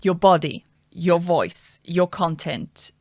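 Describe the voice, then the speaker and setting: A woman hosting a podcast interview in a casual way, engaged, with quick reactions. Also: lowish voice, darkish tone, dry recording. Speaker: podcast host.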